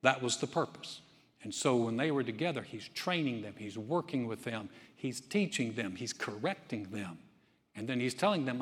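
A man's voice: mid-range voice, animated, normal speed, fairly bright tone. A male pastor giving a sermon, talking conversationally and building to emphatic preaching. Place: church sanctuary. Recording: long hall reverb.

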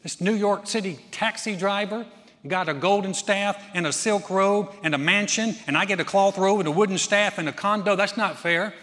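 A man putting on an indignant self-important joke pastor, sputtering in protest, slightly high voice, long church-hall reverb. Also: moderate pace, a bit bright.

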